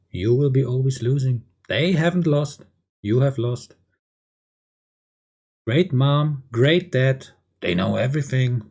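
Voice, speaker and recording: A man's voice: mid-range voice, creaky, a little mellow, breathy edge. A man delivering a blunt, crude lecturing monologue, often tagging lines with "yeah?". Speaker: video creator. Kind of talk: ranting monologue.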